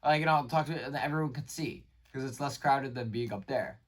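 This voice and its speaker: A man recapping his day in a casual vlog, rambling and excitable, with lots of fillers and restarted sentences. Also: medium pitch, brisk, distant mic. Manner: rambling, filler-heavy, says "like" and "bro" constantly. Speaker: vlogger.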